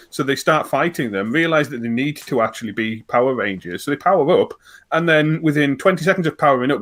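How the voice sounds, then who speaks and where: A man's voice: medium pitch, fairly bright tone. A man co-hosting a podcast in casual chat, recapping with wry, dry humor. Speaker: podcast co-host.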